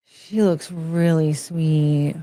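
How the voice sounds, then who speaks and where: A woman's voice: low voice, mellow, no echo. A young woman streaming casually, gushing and cooing over pictures of dogs. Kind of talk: casual live-stream chat.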